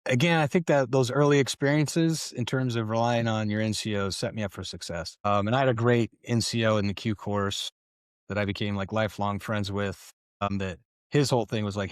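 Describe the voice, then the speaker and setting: A middle-aged man, a podcast guest, telling relaxed, casual stories and swearing now and then. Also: on the low side, brisk, smooth, dry recording, clean studio sound. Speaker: guest, retired Special Forces colonel. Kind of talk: casual conversational storytelling. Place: podcast studio.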